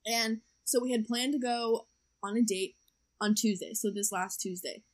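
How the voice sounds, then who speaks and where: Chatty young woman, high voice. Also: fairly even intonation, moderate pace. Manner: chatty storytelling with laughs. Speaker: podcast co-host. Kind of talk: casual chat.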